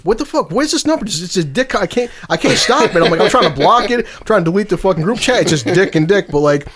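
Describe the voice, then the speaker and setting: High-pitched guy, podcast host, casual story chat, swears a lot, laughs through it. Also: quick pace, a crowd in the background. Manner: profane, laughing, animated storyteller.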